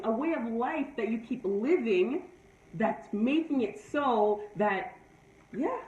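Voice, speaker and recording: A woman with a slightly high voice gives a preachy motivational talk, driving her points home again and again. She sits back from the microphone, and the sound is dull and echoey. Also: darkish tone. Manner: preachy, repetitive, emphatic. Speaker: live-stream host. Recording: echoey room, far from mic, dull sound.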